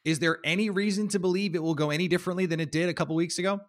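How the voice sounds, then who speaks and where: A man hosting a sports podcast, reading headlines in a steady, plain delivery. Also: sits high, racing. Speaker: podcast host.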